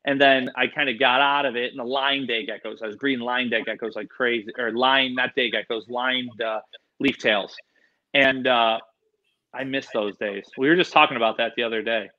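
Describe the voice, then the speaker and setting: A man, an animal expert, telling animated, slangy stories in a casual interview, full of "dude" and "like". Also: mid-range voice, moderate pace, highs cut off. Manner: animated, excitable, slangy, says "dude" and "like" a lot. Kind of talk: casual storytelling in a podcast interview.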